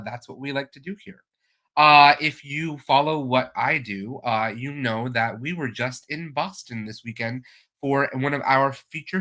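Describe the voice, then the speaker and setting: A man's voice: medium pitch, sharp tone. A man hosting a live stream chat show, talking in an enthusiastic, chatty way with plenty of fillers. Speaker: host.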